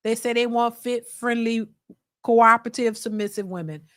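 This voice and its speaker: Brief: high-pitched woman host, blunt and lecturing, close dry sound. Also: fairly even intonation, moderate pace, a bit bright, dry recording. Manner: blunt and emphatic, lecturing the viewers; mocks others by quoting them in a put-on voice. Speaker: reaction channel host. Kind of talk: casual commentary to a live chat.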